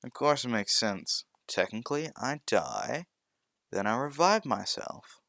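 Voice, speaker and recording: A man's voice: mid-range voice, lively intonation, unhurried, gravelly, a bit bright, dry recording, clean studio sound. A man voicing a boastful, teasing teenage boy scientist in a fan-made audio story. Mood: cocky. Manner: cocky, teasing.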